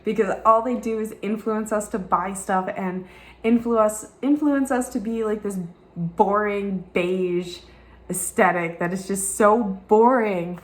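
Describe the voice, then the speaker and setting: A woman's voice: mid-range voice, a little slow, echoey room. A young woman with a Southern American accent, talking candidly in a rambling, frank vlog style and swearing freely. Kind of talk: candid personal vlog talk. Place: rented home room with white walls.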